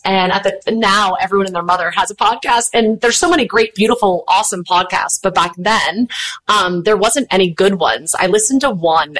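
A woman's voice: medium pitch, poor audio. A woman, telling her story in a candid, chatty interview. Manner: chatty, animated, candid, acts out quoted voices. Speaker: podcast host and guest.

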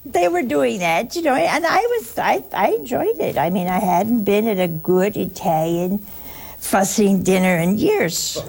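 A woman's voice: mid-range voice, sing-song, unhurried, gravelly, darkish tone. An older woman giving a folksy sermon to listeners, telling stories and acting out the voices of others. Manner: folksy storytelling, acts out voices. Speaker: preacher.

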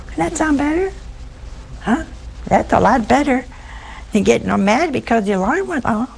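A woman's voice: fairly high pitch, lively intonation, moderate pace, vocal fry, long pauses, slight background noise. A woman giving a humorous sermon in a folksy, teasing way, acting out everyday anecdotes for her listeners. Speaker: preacher.

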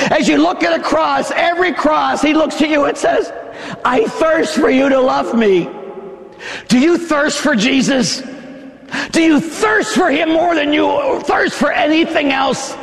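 A male preacher giving a fiery sermon in a church, shouting emphatic lines with dramatic pauses. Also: extremely high pitch, vocal fry. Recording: long hall reverb.

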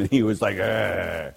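An older man, a Catholic priest, preaching bluntly and telling stories with dry humor, loud one moment and soft the next. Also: on the high side, breathy edge. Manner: blunt, joking storyteller who swings between loud and soft. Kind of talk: sermon with personal stories.

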